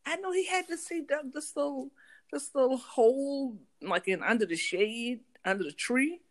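A woman with a Southern US country accent, co-hosting a podcast and telling a story in lively, casual chat. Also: high voice, moderate pace. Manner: animated, acts out voices in her stories. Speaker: podcast co-host.

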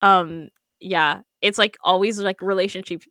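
A woman's voice: medium pitch, steady tone, a little slow, sharp tone, dry recording, clean studio sound. A young woman chatting casually on a podcast, laughing often and filling her talk with "like" and restarts. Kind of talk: casual chat.

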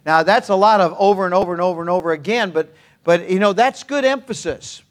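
Emphatic preacher, higher-pitched man. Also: fast talker. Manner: emphatic, repeats phrases for stress, folksy asides. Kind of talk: sermon.

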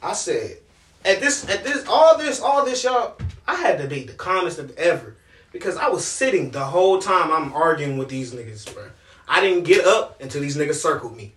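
A man's voice: fairly high pitch, lively intonation, moderate pace, fairly bright tone. A man telling a profane story in casual chat, animatedly acting out the voices of the people in it. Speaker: podcast co-host telling a work story. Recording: echoey room, distant mic.

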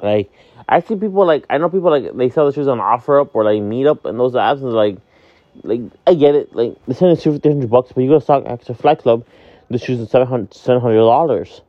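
On a muffled, echo-free recording, a medium-pitched man in his twenties from Miami, Florida, talks fairly quickly as a vlog host. Sleepy and yawning, he offers a rambling, candid, casual monologue with lots of fillers and free swearing.

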